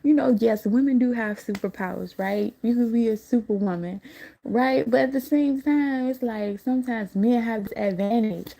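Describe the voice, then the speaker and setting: A woman's voice: on the high side, normal speed, creaky, mellow. A woman hosting a livestream, recounting a dream in a casual, rambling way, laughing often and swearing freely.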